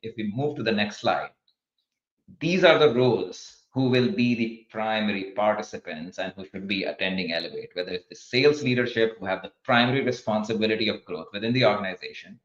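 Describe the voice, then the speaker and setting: Man, low voice, presenter, echoey room, dull muffled audio. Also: fairly quick, a bit bright. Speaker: partner at a research firm. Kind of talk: webinar presentation.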